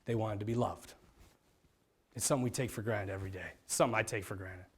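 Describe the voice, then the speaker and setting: A priest giving a personal testimony to a group, animated and self-mocking. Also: male voice, lowish voice, fast talker, slightly rough. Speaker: priest, vocation director.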